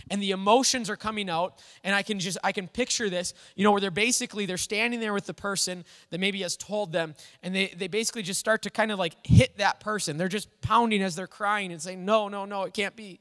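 A man's voice: sits high, a little fast, a bit bright. A man preaching a sermon in an earnest, conversational way, with frequent restarts. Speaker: pastor. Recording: long hall reverb.

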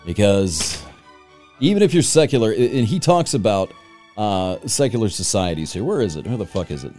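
Low-voiced, ranting male podcast host. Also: sing-song, normal speed, darkish tone, soft background music. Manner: impassioned, profane, emphatic. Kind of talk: casual chat and ranting.

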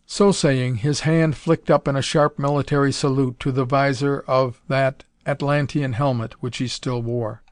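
A man narrates an adventure story in a measured, even way at a middle pitch. His reading is steady and unhurried. The recording is dry, with no room sound. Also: no echo. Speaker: audiobook narrator. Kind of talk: scripted narration.

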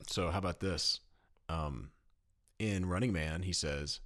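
A man's voice: sits low, measured pace, a bit bright. A man co-hosting a podcast in casual chat, playful and jokey, with bursts of laughter. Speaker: podcast co-host.

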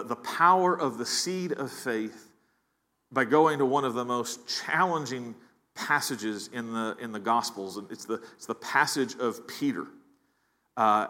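A man's voice: medium pitch, measured pace, sharp tone. A man preaching a sermon as pastor, earnest, often repeating words as he builds emphasis. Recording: long hall reverb.

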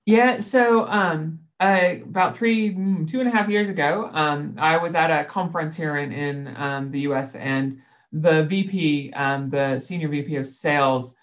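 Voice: mid-range voice, a little slow, highs cut off. A guest in a casual conversation, telling a work story in a rambling way with many fillers. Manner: rambling, lots of fillers, laughs easily. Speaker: guest, sales director.

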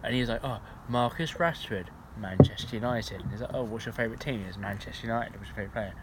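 A man's voice: mid-range voice, fast, very noisy. A man co-hosting a casual podcast chat in a pub, with dry, facetious teasing. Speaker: podcast co-host.

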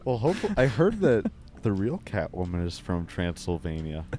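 Deadpan man hosting a comedy chat. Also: low voice, normal speed.

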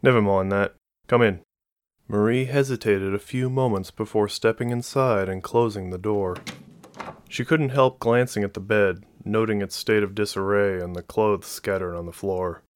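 Low-voiced male audiobook narrator. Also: steady tone, moderate pace, smooth, dry recording.

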